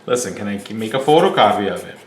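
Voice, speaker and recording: A man's voice: on the low side, sing-song, fast. A man voicing an eager young man who keeps pleading for a rare book, in an echoey room. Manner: pleading, persistent. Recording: echoey room with faint hum.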